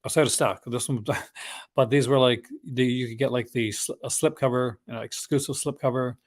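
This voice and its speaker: A man's voice: mid-range voice, fairly even intonation, normal speed. A man hosting a casual live unboxing stream, chatting in a rambling, conversational way with enthusiastic asides about films he collects.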